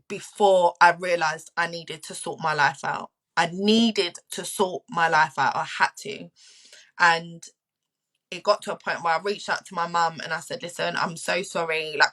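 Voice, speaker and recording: A woman's voice: on the low side, bright, forceful tone, rough recording. A woman in her twenties frankly sharing her personal struggles as a guest, often repeating phrases for emphasis. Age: 20s. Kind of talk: candid personal testimony.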